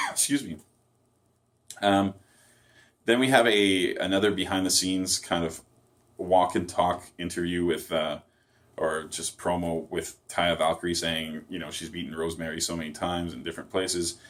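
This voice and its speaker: A man with a notably low, deep voice talks through a wrestling episode as a casual solo review. He rambles, stacks up fillers and corrects himself mid-sentence.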